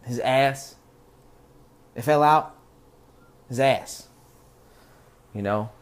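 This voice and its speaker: A man's voice: mid-range voice, very slow, smooth. A man hosting a podcast, telling stories in a rambling, profane, laid-back way. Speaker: podcast host. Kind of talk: casual rambling monologue.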